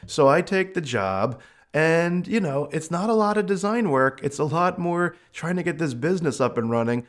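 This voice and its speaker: A man hosting a podcast, telling his own story in a casual, animated way with many fillers. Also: fairly high pitch, normal speed. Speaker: podcast host.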